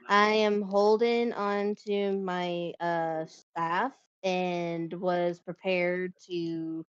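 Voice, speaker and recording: A woman playing a tabletop game, describing her character slowly and haltingly. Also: fairly low pitch, steady tone, clear, resonant tone, no room sound. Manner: slow and halting. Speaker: player. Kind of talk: casual tabletop game chat. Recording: dull lo-fi mic.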